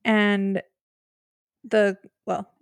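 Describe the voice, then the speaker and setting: A woman's voice: medium pitch, level tone, very slow, clear, resonant tone, dry recording. A woman co-hosting a podcast, recapping a reality show in giggly, teasing conversation. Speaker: podcast co-host. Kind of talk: casual rewatch chat.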